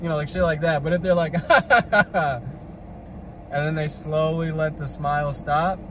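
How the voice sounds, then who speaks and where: A man's voice: fairly high pitch, little pitch movement, a little fast, slight background noise. A young man vlogging casually, rambling with lots of "like" fillers, recorded on a handheld phone. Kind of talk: casual vlog chat. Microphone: handheld phone camera.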